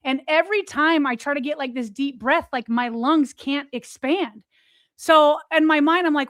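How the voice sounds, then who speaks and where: A woman's voice: high voice, moderate pace, no echo. A woman co-hosting a podcast, retelling a personal story in a loose chat full of fillers and quoted thoughts. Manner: animated retelling, many "like" fillers.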